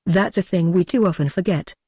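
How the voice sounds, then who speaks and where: A man reading the part of an earnest gentleman who confides his ghost encounter to friends in an audiobook. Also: sits high, a little fast, husky, no echo, studio quality.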